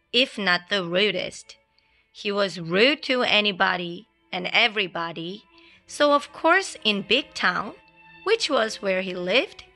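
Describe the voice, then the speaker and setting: A woman reads a children's picture book aloud in a slow, lilting way. Her voice is bright and sweeps up and down with expression. Soft classical music plays faintly underneath. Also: mid-range voice. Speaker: storyteller.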